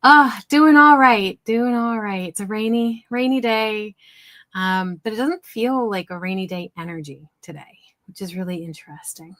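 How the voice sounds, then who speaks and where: A woman co-hosting a live spirituality stream, musing in a relaxed way with lots of fillers. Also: mid-range voice, moderate pace, dry recording. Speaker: co-host. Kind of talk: casual live-stream chat.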